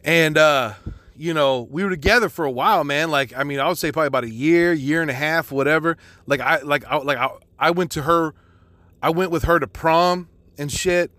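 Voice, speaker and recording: A man's voice: on the high side, brisk, pushed and bright, dry recording. Profane, rambling man telling a story. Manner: profane, rambling, frequent restarts and fillers. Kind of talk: casual storytelling monologue.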